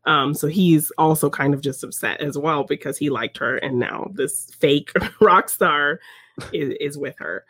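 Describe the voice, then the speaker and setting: A woman's voice: sits low, unhurried, a bit bright, breathy edge. A woman co-hosting a podcast, recapping a film in casual chat, laughing often and using lots of fillers. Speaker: podcast co-host.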